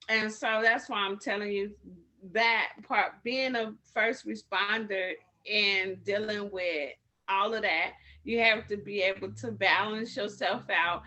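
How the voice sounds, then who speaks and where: A woman gives an informal training talk to community medics. Her voice is bright and sharp at a middling pitch. She rambles, restarts her sentences and fills them with slang as she tells her stories. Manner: rambling, self-correcting, lots of fillers, street slang.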